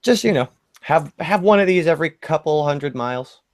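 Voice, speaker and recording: A man's voice: on the high side, animated, moderate pace, dry recording. Brash American man swearing freely. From United States. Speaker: podcast panelist. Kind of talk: casual chat.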